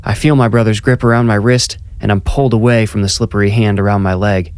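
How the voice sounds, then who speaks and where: A man's voice: lowish voice, fairly even intonation, fast, darkish tone, clean tone. A man narrating a first-person horror story in a tense, conversational storytelling manner.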